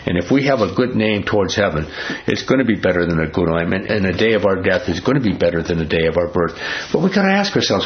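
A man's voice: low voice, highs cut off. A man preaching a sermon in a conversational, rambling way, often restarting his sentences.

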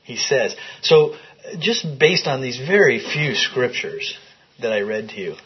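A man's voice: mid-range voice, lively intonation, a little slow, slight background noise. A man leading a Bible study, reading scripture aloud and putting questions to a small group in the room. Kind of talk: interactive Bible teaching. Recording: dull lo-fi recording.

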